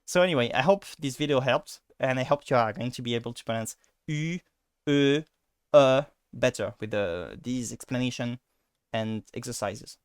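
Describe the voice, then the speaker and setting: A man's voice: mid-range voice, moderate pace, clean tone, dry recording, clean studio sound. A man with a French accent and French as his first language, giving a casual pronunciation lesson with many fillers and restarts. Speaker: language teacher.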